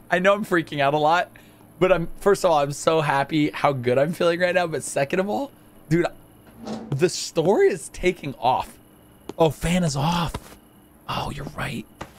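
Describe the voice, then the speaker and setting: A man hosting a casual let's-play video, excitable and jokey, chatting to the game's characters as he plays. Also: on the high side, normal speed, long pauses, a little hiss or hum. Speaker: gaming video host.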